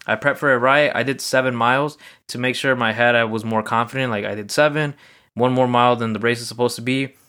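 A man's voice: mid-range voice, fairly even intonation, fast, pushed and bright, clean tone. A man hosting a podcast, telling a loose, rambling personal story in a casual solo monologue, full of fillers. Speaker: podcast host.

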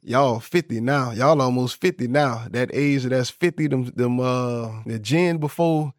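A man's voice: mid-range voice, a little slow, dry recording, clean studio sound. Laid-back Southern man podcasting. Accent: Southern US, Florida. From Florida, US South. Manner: laid-back slangy banter, laughs often. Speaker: podcast host. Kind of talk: casual solo podcast commentary.

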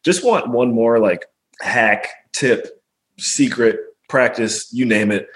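A man hosting a casual podcast interview, easygoing and quick to laugh, with loose, rambling phrasing. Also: medium pitch, a bit bright, low-quality recording. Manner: easygoing, laughs often, many "like" fillers. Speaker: podcast host.

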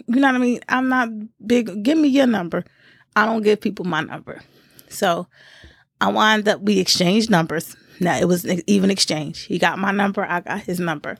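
Gravelly-voiced woman telling a slangy story. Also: moderate pace, no room sound, studio quality. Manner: lively slangy storytelling with big pitch jumps when quoting. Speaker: vlogger. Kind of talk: casual storytime chat.

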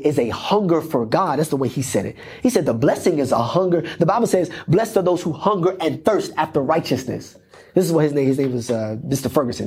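Husky-voiced pastor preaching. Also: male voice, fairly high pitch, darkish tone. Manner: repetitive, emphatic preaching cadence. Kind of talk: sermon. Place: church.

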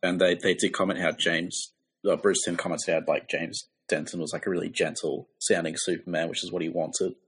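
A man in a casual podcast chat, speaking in a relaxed, hesitant way with fillers. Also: deep voice, fairly quick, breathy edge.

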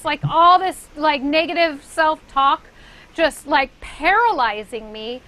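Woman DJ guest, panel chat, high and bright, earnest storyteller. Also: slow, low-quality recording. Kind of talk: casual panel discussion.

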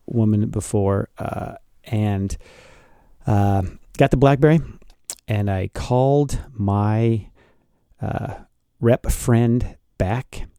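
A male podcast co-host with a gravelly, mellow voice tells a story in casual chat. He is animated and laughs easily, and he slips into the voices of the people in his tale. The sound is dry and close. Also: fairly low pitch, no echo.

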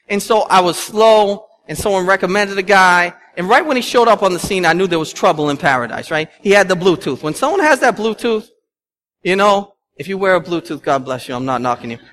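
A man preaching a sermon as pastor, talking in a conversational, animated way and telling stories with laughs. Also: sits high. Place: church sanctuary.

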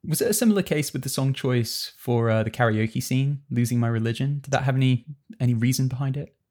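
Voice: mid-range voice, fairly quick, a little mellow. A podcast host asking a film director casual, curious questions. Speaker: podcast interviewer.

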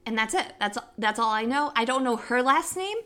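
A young woman with a high voice tells a casual story at a quick clip. She grew up in Africa, and she acts out every quote in a squealing, excited voice. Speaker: podcast co-host telling a story.

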